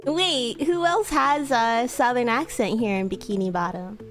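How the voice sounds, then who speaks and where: A woman streamer improvising a role-play with a chatbot, her voice fairly high. She talks slowly and hesitantly, with fillers and giggles. Faint music plays underneath.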